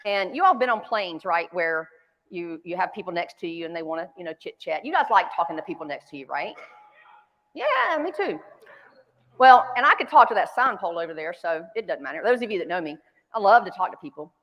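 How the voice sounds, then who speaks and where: The keynote speaker, a North Carolina woman with a Southern accent, is a chatty, self-deprecating storyteller addressing a large conference hall. Her voice is on the low side, animated and fast; the audio sounds dull and carries a long hall reverb.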